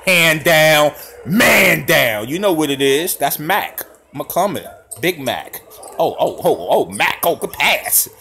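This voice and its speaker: Excitable male YouTuber, slangy reaction commentary, very animated pitch. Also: slow, creaky, a little hiss or hum. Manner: excitable, hollers and laughs at big plays; casual slangy talk. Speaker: YouTuber reacting to basketball highlights.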